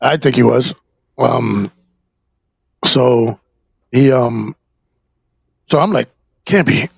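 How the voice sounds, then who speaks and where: Gravelly New Jersey man telling his story. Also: medium pitch, dry recording, highs cut off. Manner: halting, rambling, with frequent fillers and profanity. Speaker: podcast guest. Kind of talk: candid personal storytelling.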